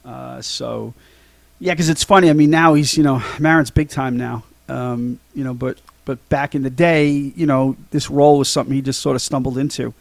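A man's voice: medium pitch, fairly even intonation, normal speed, vocal fry, no echo. A man co-hosting a podcast, casually recapping a film scene by scene, with lots of ums and restarts. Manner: rambling, many ums and restarts. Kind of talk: casual chat.

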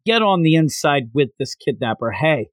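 A man co-hosting a casual podcast chat, animated, acting out quotes with big jumps in pitch. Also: normal speed, no room sound. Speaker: podcast co-host. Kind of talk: casual chat recapping an anime episode.

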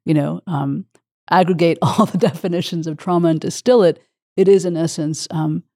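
Emotional woman host, affirming, dark mellow voice. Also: on the low side, steady tone, normal speed, dry recording, clean studio sound. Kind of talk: interview conversation.

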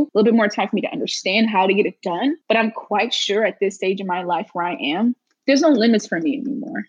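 A woman's voice: medium pitch, breathy edge, no echo, lo-fi sound. A woman guest talking earnestly and emphatically in a casual interview, repeating her phrases for weight.

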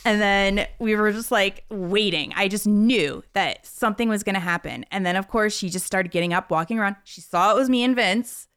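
Casual woman, 30s, animated storyteller. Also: medium pitch, normal speed, few pauses, clear, resonant tone, no room sound, clean studio sound. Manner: animated storytelling, acting out quotes. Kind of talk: casual chat.

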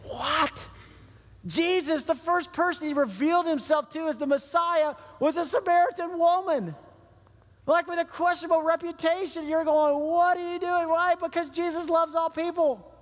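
A pastor delivers a sermon in a very high-pitched voice at a moderate pace, his words echoing as if in a big room. He tells a story animatedly, acting out the voices of the people in it.

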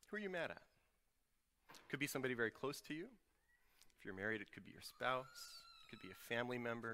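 A man's voice: medium pitch, pushed and bright. A man preaching a sermon as pastor, emphatic and fond of rhetorical questions. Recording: reverberant hall.

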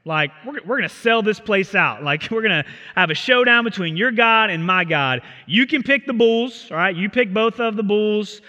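A brash old prophet, cocky and unafraid, throws down a dare in a bright, punchy voice, as a male preacher acts him out in a sermon. The voice rings out in a reverberant hall. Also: sits high, lively intonation, moderate pace, hardly any pauses, muffled recording, voice pushed up. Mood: brash challenge.

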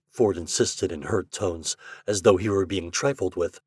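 A man's voice: low voice, moderate pace, few pauses, husky, dry recording, studio quality. A man who hosts an audio fiction podcast and narrates classic stories in a friendly, conversational manner. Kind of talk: scripted narration.

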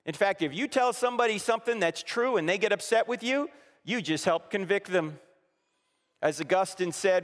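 A man delivers a sermon, pressing his points with rhetorical questions and acting out the voices he quotes. His voice sits a bit high for a man. A long reverb trails his words through the church hall. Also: expressive, normal speed. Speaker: preacher. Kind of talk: sermon with slides. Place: church auditorium.

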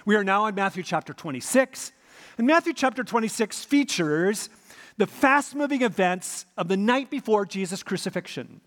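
A pastor preaching a sermon, with a very lively and animated delivery that tells the story vividly and repeats each point. His voice sits fairly high for a man. A long church-hall reverb trails every phrase. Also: normal speed.

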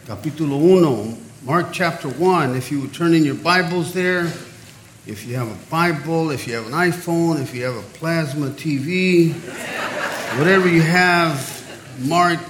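Pastor, male, higher-pitched voice, slow deliberate preaching, slips into Spanish phrases. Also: expressive, fairly bright tone, a little hiss or hum. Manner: switches between English and Spanish phrases; storytelling, acting out dialogue in the joke. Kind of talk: sermon with a told joke. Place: church.

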